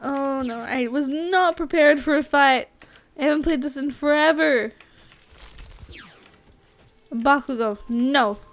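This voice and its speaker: A young woman gaming YouTuber with a high voice gives casual, excitable commentary on a video game, squealing at every surprise. Faint game music plays underneath.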